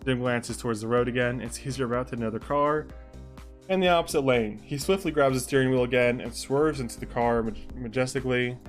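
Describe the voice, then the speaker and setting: A man's voice: medium pitch, steady tone, brisk, soft background music. A young man live-streaming, reading out a role-play story and breaking off into rambling asides about his chat. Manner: rambling asides, mixes narration with chat comments.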